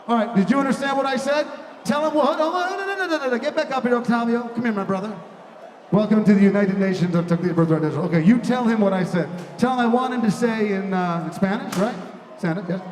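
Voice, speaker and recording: A young adult man hosting a big live event with a handheld mic, shouting playful banter to the crowd. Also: high-pitched, fast talker, a little hiss or hum. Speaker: emcee of a large live event. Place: large indoor hall with a big audience. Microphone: handheld microphone. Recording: echoey hall, mic heard from far off, music and crowd behind.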